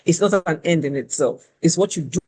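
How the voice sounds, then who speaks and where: Animated woman telling a story. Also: low voice, fairly quick, slightly rough. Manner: candid, animated, self-deprecating. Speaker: host. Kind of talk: conversational storytelling.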